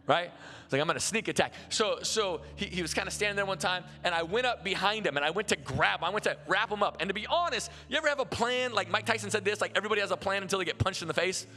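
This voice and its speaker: A man's voice: high-pitched, long reverb tail. A man preaching a sermon as pastor, telling stories in a loose, conversational way with lots of restarts, recorded live in a large church. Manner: conversational, animated storytelling with many restarts.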